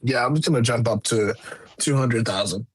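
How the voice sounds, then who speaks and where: A man's voice: mid-range voice, normal speed, a crowd in the background. A man playing in a tabletop game, tossing out short, casual, joking bids. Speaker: player.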